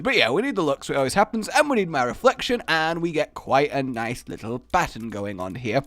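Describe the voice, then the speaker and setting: Man, gaming commentary, rambling and jokey, fairly high voice, dry close mic. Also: very animated, normal speed, few pauses, pushed and bright, no room sound. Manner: rambling, playful, jokey self-talk. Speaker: gaming video host. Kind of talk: gameplay commentary.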